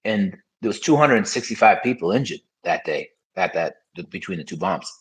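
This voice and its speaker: A man's voice: low-pitched, expressive, brisk, slightly rough, rough recording. A man as a podcast guest, telling his story in frank, casual conversation with many fillers.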